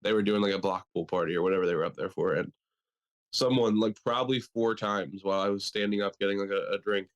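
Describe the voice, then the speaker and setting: A man's voice: lowish voice, steady tone, fast, dull audio. A young man from Delaware co-hosting a podcast, swearing freely and joking in a loose, rambling way. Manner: loose, profane and joking, slips into mocking impressions. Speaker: podcast co-host. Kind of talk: casual chat.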